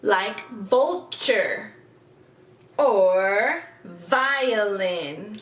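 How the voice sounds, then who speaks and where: A woman teaching kindergarten phonics, sounding out letters and words slowly with exaggerated care and patient, encouraging questions. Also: medium pitch, very animated, recorded from a distance. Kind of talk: recorded phonics lesson for young children. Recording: echoey room, off-mic, faint background hiss.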